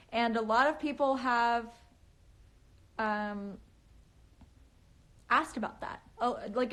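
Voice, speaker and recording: A young woman with a fairly high voice talks on a phone live stream. Her speech has a chatty valley-girl lilt, with frequent giggles and lots of "um" and "like." She rambles in a relaxed, casual way. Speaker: livestreaming author.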